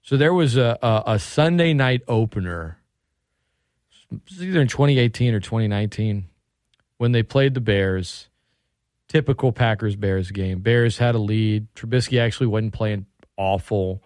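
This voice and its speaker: A man hosting a sports radio show, telling stories in a chatty, animated way. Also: lowish voice, a little slow, clean tone, dry recording, clean studio sound. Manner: chatty, animated storytelling with impressions. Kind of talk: casual sports talk.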